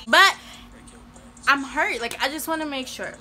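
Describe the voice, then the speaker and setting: A young woman vlogger telling a personal story in a casual, animated and emotional way. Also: high-pitched, unhurried, soft background music.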